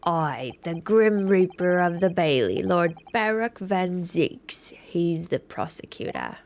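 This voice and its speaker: A woman voicing a brash, scheming middle-aged man with a lilting brogue, gruff and slow, in a game playthrough. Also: fairly low pitch, very animated, darkish tone, exaggerated voice. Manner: blustering and conspiratorial. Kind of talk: video game voice-over playthrough.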